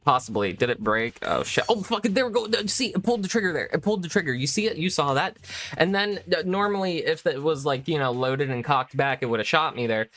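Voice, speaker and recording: A young adult talks through a home build in a loose, rambling vlog voice, swearing freely and poking fun at themself. The speech sits at a middling pitch. Faint music plays softly underneath. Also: animated, a little fast. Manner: rambling, heavy swearing, self-mocking. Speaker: maker video host. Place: home room with candles.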